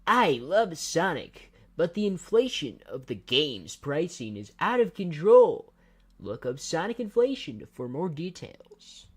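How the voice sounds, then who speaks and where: A man voicing a cocky young male cartoon hedgehog in an exaggerated, drawn-out delivery. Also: on the high side, big pitch swings, husky, pitched above the performer's own voice, heavily acted. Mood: hammy.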